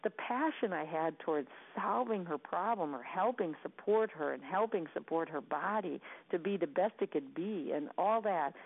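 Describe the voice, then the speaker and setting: A woman's voice: fairly low pitch, expressive, normal speed, creaky, few pauses. A woman giving an earnest, repetitive motivational coaching talk about sales conversations. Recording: tinny phone-line sound.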